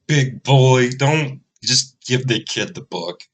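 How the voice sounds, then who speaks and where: Slow-talking profane reaction host, man. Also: mid-range voice, expressive. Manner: profane, laughing, emphatic asides. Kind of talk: casual reaction commentary.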